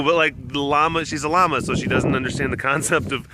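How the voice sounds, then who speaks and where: Speaking fairly quickly with few pauses, this young big-cat vlogger rambles casually through a story to the camera in a medium-pitched voice. He stays animated and acts out voices, with slight background noise behind him.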